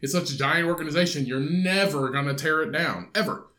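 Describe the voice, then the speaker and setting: A young man co-hosts a podcast in loose, rambling chat, swearing freely and stumbling over his starts. His voice is bright and forward, and it rings in an echoey room. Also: a little high, a little fast. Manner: rambling, swears a lot, restarts mid-sentence. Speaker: podcast co-host. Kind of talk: casual chat.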